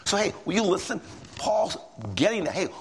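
A middle-aged lay preacher with a gravelly, husky voice talks through scripture in a folksy, rambling way. His pitch swings up and down as he presses his points, stumbling and restarting often. The sound carries a long reverb from a big hall. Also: animated, moderate pace, a little hiss or hum. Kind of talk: bible study sermon.

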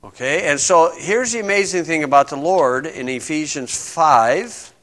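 A man preaching a conversational sermon, stressing points and reading scripture slowly. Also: a little high, expressive, fairly bright tone. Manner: conversational, emphatic, reads scripture aloud slowly.

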